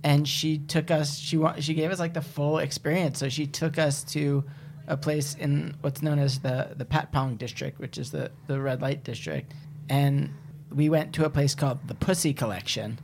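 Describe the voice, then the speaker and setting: A man's voice: a little high, fairly even intonation, normal speed, gravelly, a little mellow, slight background noise. A man as a podcast guest, casually telling a wry anecdote with bits of laughter. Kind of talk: casual chat.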